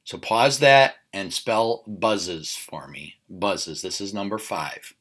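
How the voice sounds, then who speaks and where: A man with a fairly low voice walks students through spelling rules. He says each word again and again and keeps asking "okay?" to check they follow. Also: fairly bright tone. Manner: repeats words slowly, checks in with "okay?". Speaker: teacher. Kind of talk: recorded spelling lesson.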